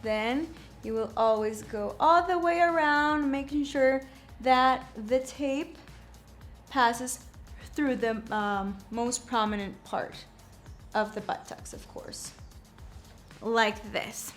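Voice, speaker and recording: Slow-talking young woman giving a how-to. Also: a little high, fairly even intonation, faint music behind. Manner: slow, repeats words and checks in with "okay?". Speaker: shapewear presenter. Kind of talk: casual how-to demonstration.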